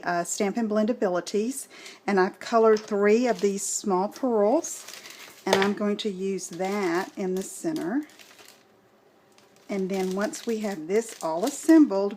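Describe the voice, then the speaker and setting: A middle-aged woman hosts a crafting tutorial, speaking at a notably slow, unhurried pace. Her delivery is gentle and explanatory, walking through each step as she works. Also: mid-range voice, slight background noise.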